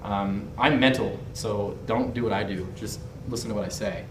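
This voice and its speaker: At a normal pace and with a lowish voice, a young adult dating and body language instructor tells a brash, candid story to teach body language, swearing and laughing as he speaks. A distant mic in a roomy space picks him up over a noisy background.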